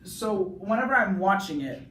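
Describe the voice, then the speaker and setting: A young male student rambling through a casual plot recap, full of "like"s, now and then yelling. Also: high-pitched, animated, moderate pace, noisy background. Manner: rambling, many "like"s, bursts of yelling. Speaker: student video reviewer. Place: bathroom. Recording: echoey bathroom, mic far off.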